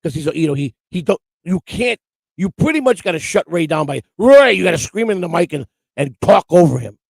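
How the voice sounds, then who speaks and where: A man's voice: a little high, expressive, brisk, vocal fry, slightly rough, no room sound, low-quality recording. A man co-hosting a casual live-stream chat, stammering and repeating himself as he teases his co-host.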